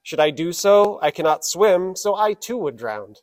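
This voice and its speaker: A man's voice: high voice, expressive, moderate pace, darkish tone. A blunt fable scorpion, read aloud by a man. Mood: pleading. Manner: blunt, matter-of-fact. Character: cold, unrepentant male scorpion in a fable.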